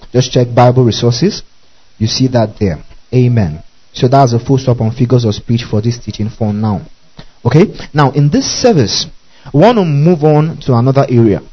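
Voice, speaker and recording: In a church service, a man teaches a Bible lesson, repeating each point, spelling out key terms, and often checking that listeners follow. His pitch is medium, and the recording is dull and lo-fi.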